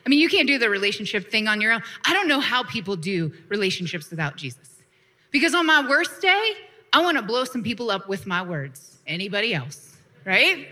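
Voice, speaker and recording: A woman preacher with a high, bright voice delivers an animated sermon. She mixes plain talk with playful asides and calls for the congregation to answer back. Her delivery is warm-humored and energetic. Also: brisk. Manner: lively preaching with laughs, call-and-response asides. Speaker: pastor.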